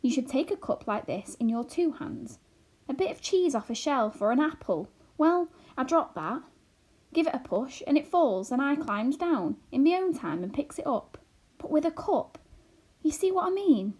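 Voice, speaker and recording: A woman's voice: sits high, big pitch swings, normal speed, darkish tone, voice pushed up. A woman reading aloud as a plain-spoken elderly borrower man who rambles in a homely way. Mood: explaining.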